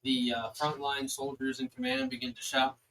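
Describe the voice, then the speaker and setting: A man's voice: medium pitch, sing-song, moderate pace, bright, forceful tone, slight background noise, poor audio. Man narrating as game master. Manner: loose, filler-heavy narration.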